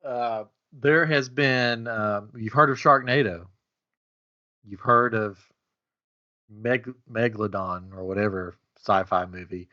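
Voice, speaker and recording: A man co-hosting a casual, playful podcast chat, making up a wild story with jokey outbursts. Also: slow. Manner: animated, jokey storytelling with sudden high-pitched outbursts. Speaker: podcast co-host. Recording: dull lo-fi audio.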